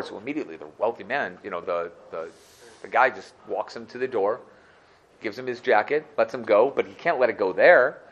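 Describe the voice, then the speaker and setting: A man teaching a religious class, telling a story in a conversational, animated way and often checking in with the listeners. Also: medium pitch, muffled recording.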